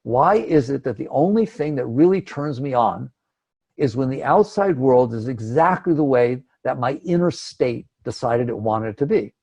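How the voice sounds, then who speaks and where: A man's voice: medium pitch, lively intonation, normal speed, mellow. A man giving a conversational spiritual talk, emphatic and acting out inner thoughts. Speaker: spiritual teacher.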